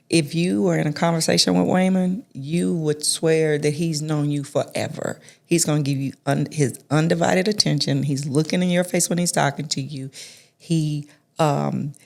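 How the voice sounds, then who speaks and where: A middle-aged woman, a guest in an interview, telling stories in a reflective, soft-spoken way with many restarts. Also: sits low, gravelly. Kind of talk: conversational storytelling.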